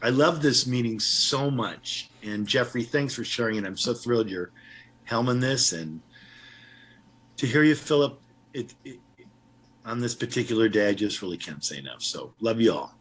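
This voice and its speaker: Husky, teary man sharing haltingly. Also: medium pitch, expressive, a bit bright. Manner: halting, emotional, many restarts. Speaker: member sharing at a recovery meeting. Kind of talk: personal share at an online recovery meeting.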